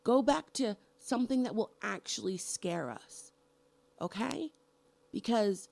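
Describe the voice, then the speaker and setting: A woman's voice: on the high side, expressive, measured pace, creaky, darkish tone. A middle-aged woman vlogging a heated, profane rant about horror movies, hammering each point with emphasis. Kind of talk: angry movie rant to camera.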